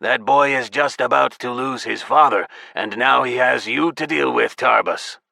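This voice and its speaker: A man's voice: medium pitch, normal speed, vocal fry, pushed and bright, no room sound, voice pushed up, heavily acted. A man voicing a skeptical, grumbling male devil in an audiobook. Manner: grumbling and dismissive. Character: gruff skeptical male devil, lazy companion. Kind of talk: audiobook character voice.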